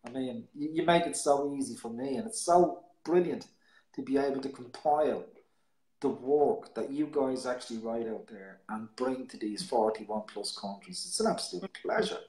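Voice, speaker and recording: A man's voice: mid-range voice, normal speed, mellow, reverberant, rough recording. A man hosting a live poetry stream, chatting in a rambling way and often repeating and restarting his words. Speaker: host of a live poetry show. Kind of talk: casual live-stream chat.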